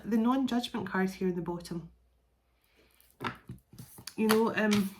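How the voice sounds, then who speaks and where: Middle-aged woman, tarot reader, chatty and meandering, mid-pitched, faint hiss behind. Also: a little mellow. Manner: rambling, chatty, laughs often, restarts phrases. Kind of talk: casual spoken tarot reading.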